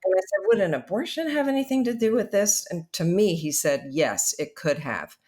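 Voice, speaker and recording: A woman's voice: medium pitch, big pitch swings, a little fast, warm tone. Earnest older woman guest. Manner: earnest, reflective storytelling. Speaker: guest author. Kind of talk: faith podcast interview.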